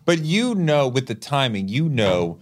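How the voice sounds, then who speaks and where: An eager male interview host with an expressive, lively voice that rises and falls. He laughs easily and works through his thoughts out loud. He sounds engaged and chatty. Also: mid-range voice, unhurried. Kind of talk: interview chat.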